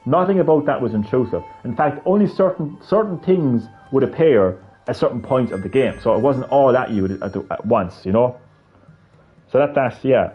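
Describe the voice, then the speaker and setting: A man's voice: medium pitch, expressive, moderate pace, lo-fi sound, soft background music. A man with a heavy Irish accent chatting on a gaming livestream, rambling with restarts and casual swearing.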